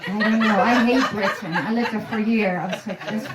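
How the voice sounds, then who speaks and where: A woman's voice: mid-range voice, fairly even intonation, fairly quick, heavy background noise. A woman, doing rambling, profane, self-deprecating stand-up storytelling at a house party. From Netherlands. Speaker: stand-up comedian. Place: room in a private house. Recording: roomy echo.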